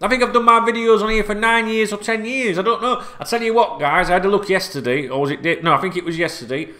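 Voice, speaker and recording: A man vlogging as a football fan, rambling and swearing a lot, repeating himself and bursting into shouts, sitting at home. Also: high voice, quick pace. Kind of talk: excited unscripted video rant. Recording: echoey room.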